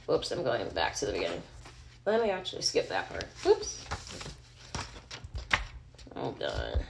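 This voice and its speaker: Woman podcast host, casual rambling reader, gravelly. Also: fairly low pitch, a little mellow, a little hiss or hum. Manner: casual, rambling, thinks aloud. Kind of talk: casual reading aloud.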